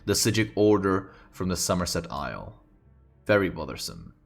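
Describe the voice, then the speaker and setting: Low-voiced male fantasy storyteller. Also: very animated, moderate pace, creaky, soft background music. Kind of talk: reading a fantasy story aloud on a stream.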